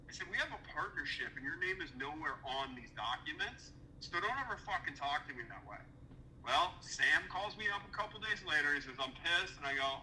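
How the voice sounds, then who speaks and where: A man's voice: a little high, expressive, a little fast, pushed and bright, slight background noise, low-quality recording. A man telling a heated story as a podcast guest, cursing often and acting out the dialogue he quotes. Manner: profane, indignant, acts out quoted dialogue. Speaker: podcast guest recounting a business dispute.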